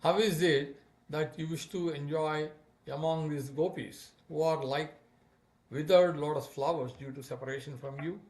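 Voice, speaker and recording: A man voicing a proud, jealous young woman cowherd, lifting his voice higher and louder. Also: steady tone, moderate pace, natural voice. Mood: reproachful. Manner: sharp, reproachful delivery.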